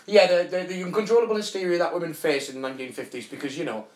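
A man co-hosting a comedy podcast, tired but lively, his pitch bouncing high and low as he jokes and swears. His voice sits a touch high and rings in an echoey room. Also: very fast. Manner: jokey, animated, swears freely, does silly voices. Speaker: podcast co-host. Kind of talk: casual comedic podcast banter.

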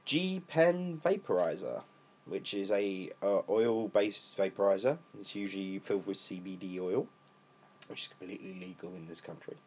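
A young British man co-hosting a casual podcast, rambling and swearing freely, his voice worn lower from smoking. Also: little pitch movement, moderate pace, a little mellow, breathy edge. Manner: rambling, swears freely, laid-back stoner talk. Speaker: podcast co-host. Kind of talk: casual chat.

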